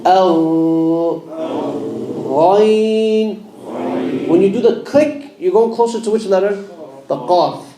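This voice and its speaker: A man's voice: high voice, animated, moderate pace, background noise. A man teaching Quran pronunciation in a mosque class, sounding out letters and quizzing his students with questions. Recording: echoey room.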